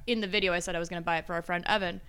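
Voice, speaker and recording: Woman cohost, bright crisp voice, swears a lot, acts out everyone in her story. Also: on the low side, very fast. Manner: animated storyteller, swears freely, mimics others. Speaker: podcast co-host. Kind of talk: casual chat.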